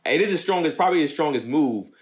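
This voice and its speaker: A man's voice: on the high side, expressive, quick pace. A man co-hosting a podcast from home, talking earnestly and casually with slang about an anime. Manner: laid-back, earnest, heavy slang and swearing. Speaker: podcast co-host.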